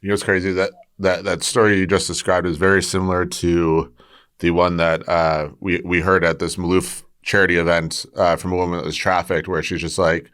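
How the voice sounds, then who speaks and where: Guy hosting a podcast, really deep voice, smooth and clear, kind of restarts a lot. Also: flat delivery, fairly quick, a bit bright. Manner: restarts often, thinks aloud while asking. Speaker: podcast host, martial arts instructor. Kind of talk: conversational podcast interview.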